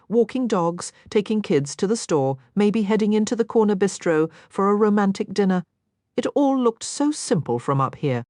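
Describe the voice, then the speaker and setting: A woman narrating a first-person romance audiobook in an expressive, intimate storytelling manner. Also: medium pitch, dry recording, clean studio sound.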